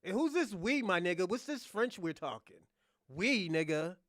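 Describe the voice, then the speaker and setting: A man's voice: high-pitched, very animated, normal speed, fairly bright tone, dry recording, studio quality. A man from Boston hosting a casual live chat, teasing and laughing often. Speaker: livestream host.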